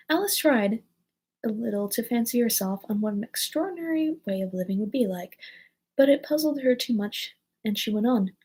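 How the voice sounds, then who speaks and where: Woman reading a storybook aloud, gravelly husky voice, casual. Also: mid-range voice, a little fast, a little mellow, poor audio. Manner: casual reading, slips and corrects lines. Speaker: reader.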